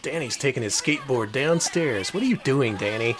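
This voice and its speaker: A man co-hosting a retro game stream in casual commentary, full of dry, joking asides. His voice sits at a middle pitch, with music clearly playing underneath. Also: animated, fairly quick, a crowd in the background. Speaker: stream co-host. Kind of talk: casual let's-play commentary.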